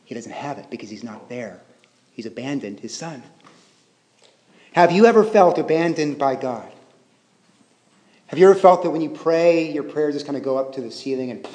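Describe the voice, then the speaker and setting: A man's voice: mid-range voice, a little mellow. A man preaching a Bible sermon in a conversational way, often asking the listeners questions. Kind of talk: expository sermon. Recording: reverberant hall.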